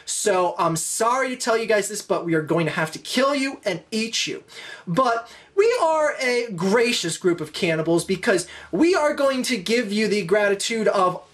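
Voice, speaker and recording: A woman's voice: mid-range voice, expressive, moderate pace, lightly acted. A woman voicing a blunt, mocking male cannibal chief in a spoken joke. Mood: formal. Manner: curt, mocking.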